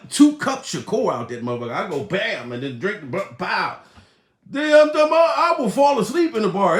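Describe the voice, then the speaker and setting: A male comedian rants in a high, wildly swinging voice, profane and laughing, jumping from shouts to muttered asides. The sound is roomy and echoey. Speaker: comedian host. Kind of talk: loud comedic rant.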